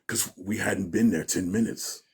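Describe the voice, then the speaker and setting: Deep husky man telling a story. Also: moderate pace. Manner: animated storyteller, acts out quotes, laughs often. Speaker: interview guest. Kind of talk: casual storytelling.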